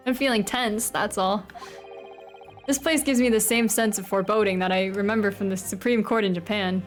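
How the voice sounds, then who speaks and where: A woman's voice: medium pitch, steady tone, normal speed, faint music behind, natural voice. A woman voicing a nervous young male defense lawyer in her plain reading voice. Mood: uneasy.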